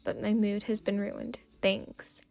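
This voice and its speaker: A woman's voice: mid-range voice, level tone, slow, creaky, a little mellow. A woman voicing an aloof teenage boy with a clipped, dismissive way of talking, in a whispered role-play. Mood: dry. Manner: curt and dismissive.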